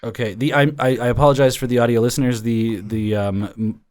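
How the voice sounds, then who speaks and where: A man's voice: medium pitch, darkish tone. Man reading card text on a podcast. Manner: reads card text aloud, halting with fillers. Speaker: podcast host. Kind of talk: casual chat.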